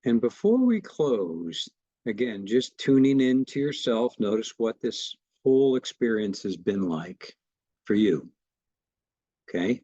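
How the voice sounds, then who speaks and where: A man teaching a meditation class, guiding the breath practice in a gentle, reassuring way. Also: fairly low pitch, big pitch swings, unhurried, no room sound, muffled recording. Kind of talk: guided meditation instruction.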